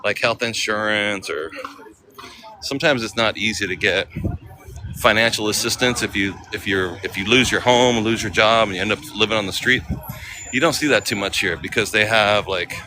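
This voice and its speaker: A man's voice: on the low side, normal speed, sharp tone, slight background noise. An American man live-streaming as he walks city streets, chatting casually with viewers in slang. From United States. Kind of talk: walking live-stream vlog.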